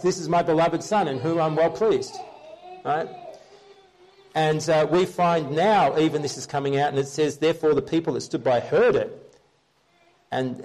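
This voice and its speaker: A man's voice: fairly high pitch, a little mellow. A man preaching a conversational Bible-teaching sermon, earnestly explaining scripture and checking in with his listeners.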